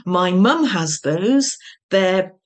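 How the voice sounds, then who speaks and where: A woman voicing a dim, giddy, childlike young man who speaks in a bright, puzzled way. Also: on the low side, animated, drawn-out words.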